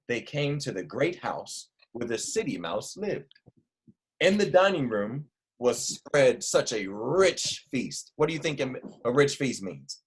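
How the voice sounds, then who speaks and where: A man's voice: medium pitch, breathy edge. A male teacher reading a storybook aloud to children and stopping to ask them questions. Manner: lively, asks the children questions.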